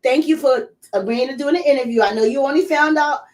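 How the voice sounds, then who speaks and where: A woman's voice: high-pitched, quick pace. A woman with a Philadelphia accent hosting a playful, casual interview, bubbly and teasing. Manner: bubbly and teasing, lots of slang. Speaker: interview host.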